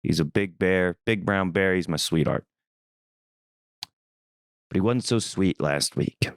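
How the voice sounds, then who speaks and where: A young man from Missouri hosting a podcast, telling a rambling, animated story in a casual, swearing manner. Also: low-pitched, unhurried, dry recording, clean studio sound. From Missouri, USA. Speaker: podcast host.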